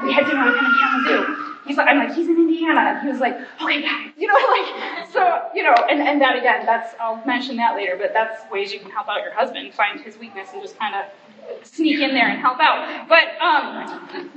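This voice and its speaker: A woman's voice: high voice, background noise. A middle-aged woman, a pastor's wife, talking casually and self-deprecatingly to a church group, laughing often. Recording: roomy, distant, dull sound.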